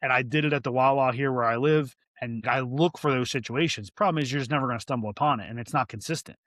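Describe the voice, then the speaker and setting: A man's voice: medium pitch, fast talker, a bit bright, no echo, clean studio sound. A man guest on a podcast, talking candidly and earnestly, with restarts and many fillers. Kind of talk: candid interview talk.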